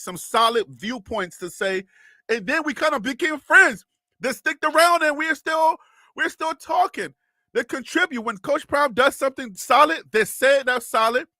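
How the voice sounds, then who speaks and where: A high-pitched man from North Carolina in the US South hosts a casual live sports stream, his voice bright with a forceful edge. He speaks directly to chat in a lively way, laughing often and repeating himself. The sound is close, dry, and echo-free.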